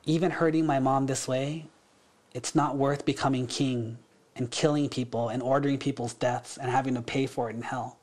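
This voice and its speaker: A man voicing a frightened sixteen-year-old prince who talks quietly and hesitantly to himself. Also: medium pitch, fairly even intonation, moderate pace, close to an everyday voice. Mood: inward.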